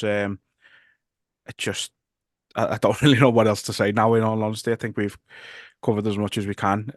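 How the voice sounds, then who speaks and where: Low-voiced Scouse podcast host. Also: male voice, no echo, clean studio sound. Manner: casual, swears, wraps up the show. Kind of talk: casual podcast chat.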